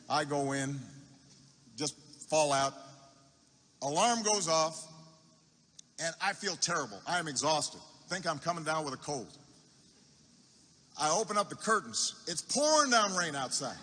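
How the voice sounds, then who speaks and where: A man speaking at a campaign rally, telling a story slowly, repeating words for effect and restarting mid-phrase. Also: a little high, lively intonation, bright, forceful tone. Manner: unhurried anecdote with repetition for effect and halting restarts. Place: large university arena. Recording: echoey arena with long reverb.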